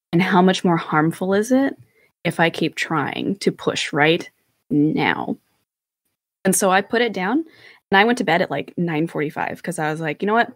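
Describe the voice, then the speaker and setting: Woman podcast co-host, lowish pitch, candid and animated, dry close recording. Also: no room sound. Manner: candid, animated storytelling with mild swearing. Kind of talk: casual chat.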